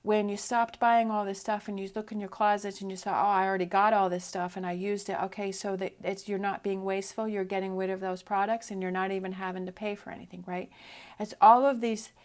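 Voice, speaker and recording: A woman's voice: mid-range voice, level tone, brisk, a little mellow. A middle-aged woman giving a casual, upbeat tarot reading, encouraging the listener and often asking "right?". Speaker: tarot reader.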